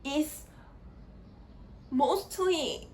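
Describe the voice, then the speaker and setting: A high-pitched woman gives a grammar lesson at a very slow, measured pace. She halts often and repeats words while she works out her phrasing. A faint background noise sits under the voice. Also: darkish tone, poor audio. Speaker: grammar lecturer. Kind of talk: slow deliberate explanatory lecture.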